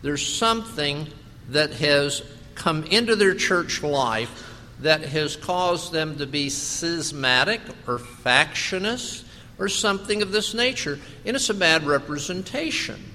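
A pastor preaching a sermon, slow and emphatic, asking his congregation rhetorical questions. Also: fairly high pitch, lively intonation, pushed and bright, big-room sound, a little hiss or hum.

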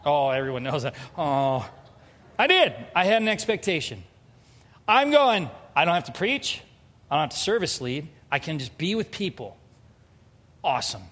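A man's voice: fairly high pitch, sing-song, normal speed, fairly bright tone. A pastor giving a humorous, confessional sermon, acting out bits of dialogue as he tells a personal story. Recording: long hall reverb.

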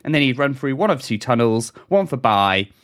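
A man's voice: mid-range voice, very animated, normal speed, fairly bright tone. A man co-hosting a casual news podcast, reading stories and often breaking into giggles. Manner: keeps breaking into laughter. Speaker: podcast co-host.

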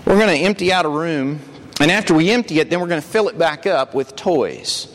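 A male preacher playing a confident therapist with unorthodox methods who lays out his plan briskly. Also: a little high, animated, natural voice. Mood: scheming.

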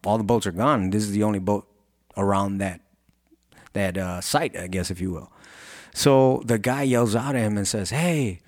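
A man's voice: lowish voice, no room sound, studio quality. A man who founded a clothing brand and has kids, giving an earnest, rambling motivational talk. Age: adult with children. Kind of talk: motivational monologue.

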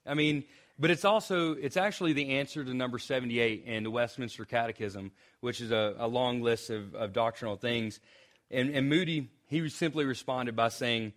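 A man's voice: mid-range voice, normal speed. Casual, self-interrupting preacher, a man. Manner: conversational, self-interrupting with restarts and asides; joking asides. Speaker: pastor. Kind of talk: sermon.

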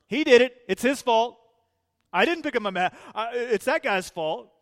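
Man putting on a bitter sick man, complaining, high-pitched, drawn out. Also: lively intonation, drawn-out words, fairly bright tone, heavily acted. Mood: defensive. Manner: whiny, incredulous, raised voice. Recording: long hall reverb.

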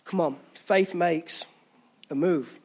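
A man's voice: a little high, takes it slowly, a little mellow, breathy edge. A man with an English accent preaching a passionate sermon in a church, urging listeners on, with jokey asides. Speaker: pastor. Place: church hall.

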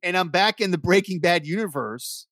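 A man's voice: high voice, animated, moderate pace, a bit bright, no echo, clean studio sound. A man hosting a podcast, talking in a laid-back, chatty and enthusiastic way. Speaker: podcast host. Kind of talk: casual podcast chat.

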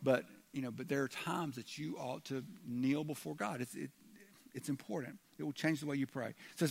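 Man, pastor, conversational sermon; a touch high-pitched, stammers into his points, plays quoted characters. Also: creaky. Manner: conversational, repeats words when starting, acts out quoted voices.

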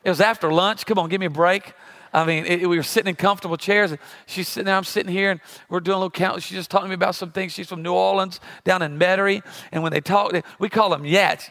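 Casting note: male pastor, 40s, high bright tenor with some gravel, comic storyteller turned preacher. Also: fairly even intonation, quick pace. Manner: humorous storytelling with sound effects. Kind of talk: sermon.

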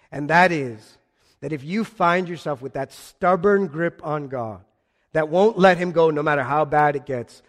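Impassioned male preacher, echoing hall. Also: fairly high pitch. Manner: impassioned, rising to emphatic repetition. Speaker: pastor. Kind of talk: sermon. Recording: long reverb of a large hall.

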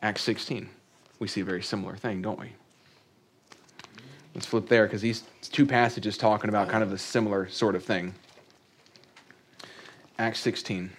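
A man's voice: lowish voice, steady tone, normal speed, pauses often. A man preaching a sermon in a conversational way, reading scripture aloud and adding joking asides. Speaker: pastor.

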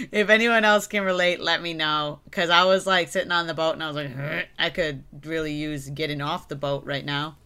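A young adult woman co-hosting a casual podcast, animated and jokey, slipping into playful baby talk. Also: deep voice, moderate pace, clear, resonant tone. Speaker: podcast co-host.

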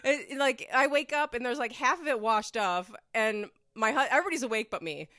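A woman's voice: fairly high pitch, expressive, brisk, bright, forceful tone, no room sound. A woman hosting a podcast from home, chatting casually and rambling through a story with lots of fillers. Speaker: podcast host. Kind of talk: casual chat.

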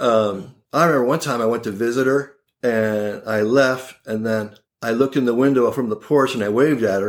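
A man around sixty, an oral surgeon, telling funny family stories as a podcast guest in a wry, laughing way. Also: medium pitch. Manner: animated, wry and laughing, with quoted voices. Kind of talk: casual storytelling in a podcast interview.

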